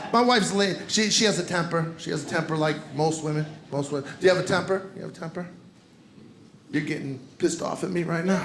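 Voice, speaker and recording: A man's voice: high-pitched, fairly bright tone, slight background noise. A man doing stand-up comedy, teasing the crowd and talking straight to the audience. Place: comedy club stage with live audience. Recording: roomy live venue with audience laughter.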